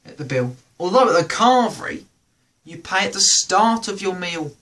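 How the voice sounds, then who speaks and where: A man's voice: sits high, normal speed. A man with a British accent hosting a comedy show, performing a stand-up routine and acting out the voices of people in his stories. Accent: British English. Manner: animated, acts out quoted voices. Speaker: comedy podcast host.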